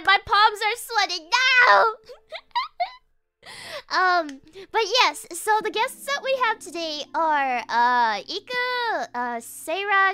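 High, lively, giggly nervous woman. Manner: nervous, giggly and excitable, bursting into squeals; rambling with many fillers and restarts. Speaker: streamer hosting a palm reading stream. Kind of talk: casual livestream chat.

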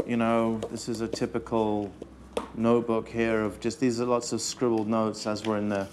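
A man's voice: fairly low pitch, level tone, moderate pace, noisy background. A man working as a head chef, talking intensely and swearing as he barks orders. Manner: intense, profane, barking orders. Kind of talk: documentary interview and kitchen shouting. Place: restaurant kitchen.

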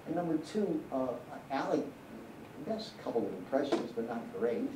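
A man's voice: mid-range voice, very animated, moderate pace, far from the mic, background noise. A man directing a live Q&A, answering audience questions with rambling, candid anecdotes and frequent restarts in a cinema hall.

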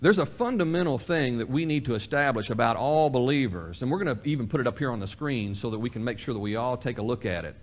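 A man's voice: mid-range voice, expressive, fast talker, few pauses. A male pastor delivering a sermon in a folksy way, repeating key phrases for emphasis and acting out imagined conversations. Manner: acts out both sides of imagined dialogues. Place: church sanctuary.

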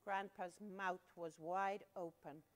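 A woman's voice: on the low side, slow. A woman reading a story aloud to children in a library, asking them to join in. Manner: animated, asks children to join in. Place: library room.

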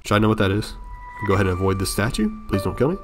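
A man streaming a horror game, chatting casually with his viewers, swinging from mumbled muttering to loud outbursts and swearing often. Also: on the low side, sing-song, racing. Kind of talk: casual live gameplay commentary. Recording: loud game music behind the voice.

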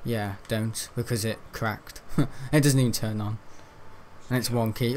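Playing through a video game, a young man on a gaming channel chats, jokes, and laughs at his own gags as he rambles on. He speaks a little slowly in a medium-pitched voice with a fairly bright tone, giving laid-back let's-play commentary.

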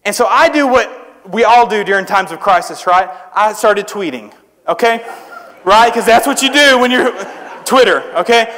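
This young man's high, fairly bright voice is animated yet moderately paced as he preaches a youth sermon. A traveling preacher speaking to a church service audience, he tells joking, self-deprecating stories in a conversational manner, with long hall reverb in the recording.

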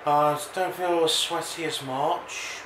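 A man rambling slowly to the camera in a casual vlog monologue, recorded at home. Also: fairly high pitch, fairly even intonation. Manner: slow, meandering, talks to himself. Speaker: vlogger. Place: room at home. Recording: echoey room, distant mic, background noise.

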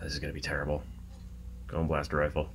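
A man's voice: extremely low pitch, monotone, fast talker, background noise. A man playing a video game with a friend, telling stories and swearing casually as he plays. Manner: swears a lot, tells stories while playing. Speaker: gaming co-host. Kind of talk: casual let's-play banter.

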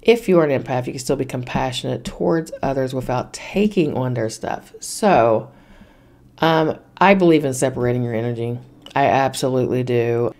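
A woman's voice: very deep voice, normal speed, a little mellow. A woman hosting a podcast, giving blunt, emphatic self-help advice in a casual spiritual talk, swearing freely and repeating her points. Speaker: podcast host.

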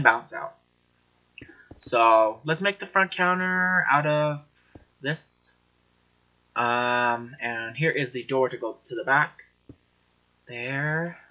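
Excitable, swearing gameplay commentator man. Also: mid-range voice, lo-fi sound. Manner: excitable, giggly and foul-mouthed. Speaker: gaming channel host.

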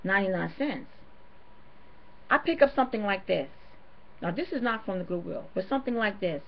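A woman's voice: medium pitch, lively intonation, brisk. A woman vlogger, ranting to camera in an indignant, emphatic way and hammering her points home. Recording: dull lo-fi home video audio.

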